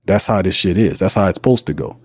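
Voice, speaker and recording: Low-voiced sports podcaster ranting. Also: male voice, animated, quick pace, husky, no room sound, clean studio sound. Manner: heated, ranting, repetitive. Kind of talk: casual livestream commentary.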